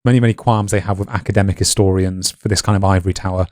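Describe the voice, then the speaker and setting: A man co-hosting a history podcast, talking fast and chatty, with asides. His voice is low and mellow, recorded close and dry. His runs through the talk. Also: fairly even intonation, dry recording. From north of England. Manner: quick-talking, chatty, adds context and asides. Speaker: podcast co-host. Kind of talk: casual history podcast chat.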